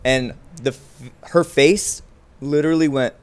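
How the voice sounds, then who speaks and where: A man with a mid-pitched voice co-hosting a podcast, telling stories in easygoing chat. He is laid-back and self-deprecating, breaking into laughs as he talks. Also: fairly even intonation, a little slow, clear, resonant tone. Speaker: podcast co-host. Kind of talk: casual storytelling chat.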